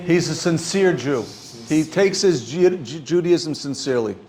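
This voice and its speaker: An older man, teaching an informal class as a rabbi, halting and repeating words as he speaks. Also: on the high side. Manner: halting, repeats words often, animated when stressing points. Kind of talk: informal Torah class talk.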